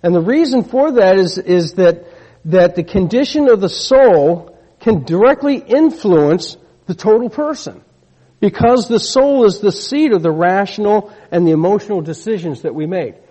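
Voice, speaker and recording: A man preaches a sermon in a fairly high, mellow and slightly husky voice. He talks conversationally, often restarting his sentences and calling on the congregation to repeat after him. The recording is dull and lo-fi, with a long reverb from the church hall. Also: expressive, normal speed.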